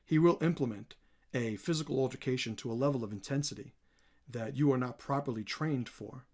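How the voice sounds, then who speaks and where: A man doing an impression of a calm, precise, overly formal grown man who talks in a clinical, wordy way. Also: medium pitch, brisk, voice pushed down, close to an everyday voice. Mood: deadpan.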